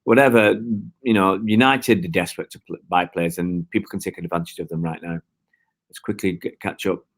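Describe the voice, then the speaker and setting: A man's voice: low-pitched, steady tone, brisk. A middle-aged man from Oldham, hosting a live football fan stream, rambling and reading out viewer comments. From Oldham, England. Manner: rambling, reads out viewer comments, many restarts. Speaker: fan channel host. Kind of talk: live stream chat with fans.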